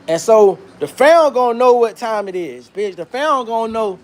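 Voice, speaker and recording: High-voiced dude rambling thru a story, cussing nonstop, slang everywhere, cooking in his kitchen. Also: moderate pace, hardly any pauses, a little hiss or hum. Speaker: commentator. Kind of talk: casual storytelling commentary. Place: kitchen, cooking while talking.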